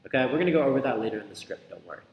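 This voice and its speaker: A man's voice: medium pitch, animated, very fast, muffled recording. A man coaching on sales in a loose, conversational way, peppering his talk with "like" and "right?". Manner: filler-heavy, loose and conversational, repeats "like" and "right?". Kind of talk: casual teaching talk. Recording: echoey hall with faint ambient noise.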